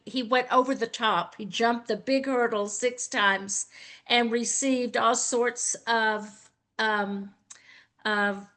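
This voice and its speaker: This is a woman with a Southern American accent, talking at an easy, slow pace. Her voice is high and bright. She comes over a video call, gracious and a little folksy. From Southern United States. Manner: gracious, effusive, drawling. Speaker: guest speaker. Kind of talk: slow, folksy online panel talk.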